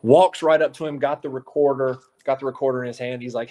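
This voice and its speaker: A man's voice: mid-range voice, brisk. A man, a local TV sports reporter, telling a story on a casual sports podcast and acting out the quotes as he goes. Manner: animated storyteller, acts out quotes.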